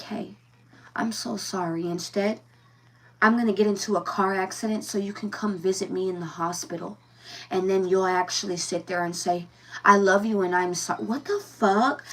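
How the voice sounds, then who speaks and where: A woman's voice: fairly high pitch, husky, distant mic. A woman giving a casual tarot reading, blunt and profane, firing rhetorical questions and repeating herself. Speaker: tarot reader.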